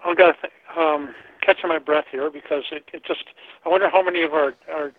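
A man's voice: fairly high pitch, fairly even intonation, a little fast, dry recording. A man calling in to a talk radio show, rambling and repeating words as he searches for them, heard over a phone line. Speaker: caller.

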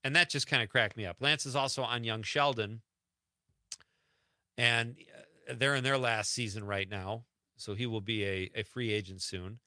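A man's voice: medium pitch, fairly even intonation, moderate pace, pushed and bright, dry recording. A man hosting a radio show in a studio, chatting loosely with plenty of fillers. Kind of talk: casual radio talk. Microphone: studio mic.

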